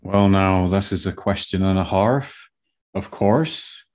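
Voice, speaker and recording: A man's voice: sits low, slow, darkish tone. A man playing Tristan, a pompous, worldly-wise male pasty, in a comic game show. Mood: boastful. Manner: pompous, grandly self-assured.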